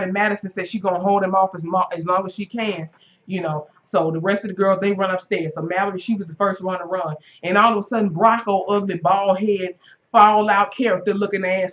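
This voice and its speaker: A woman giving a casual episode recap, animated and slangy, acting out quotes and making sound effects. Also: mid-range voice. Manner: slangy and profane. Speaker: TV episode reviewer. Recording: dull lo-fi recording.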